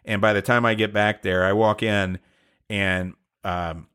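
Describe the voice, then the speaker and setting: A man's voice: lowish voice, fairly even intonation, measured pace, a bit bright, clear, resonant tone. A middle-aged man co-hosting a podcast, telling a long, rambling, self-deprecating story in casual chat. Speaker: podcast co-host.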